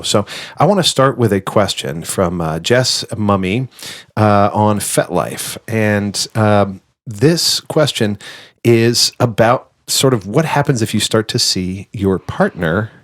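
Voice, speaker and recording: Male podcast co-host, low and lively, playful and chatty, reads listener mail. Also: normal speed. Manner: playful, jokey, reads listener questions aloud. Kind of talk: casual podcast chat.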